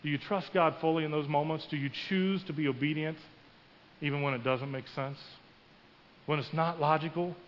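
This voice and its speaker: A man's voice: a little high, fairly even intonation, moderate pace, slight background noise. Man preaching in a reverberant church. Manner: storytelling, acting out quoted voices with rising emphasis. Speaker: pastor. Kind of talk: sermon. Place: church sanctuary. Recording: muffled with long hall reverb.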